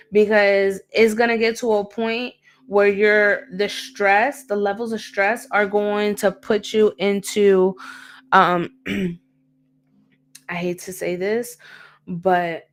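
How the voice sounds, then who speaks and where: A woman hosting a livestream tarot reading, talking bluntly in slangy, casual speech and repeating phrases for emphasis. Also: medium pitch.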